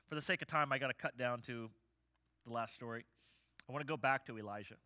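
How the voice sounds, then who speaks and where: A man preaching a sermon as pastor, telling stories with animation and closing in soft prayer. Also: mid-range voice, fast talker, dry recording.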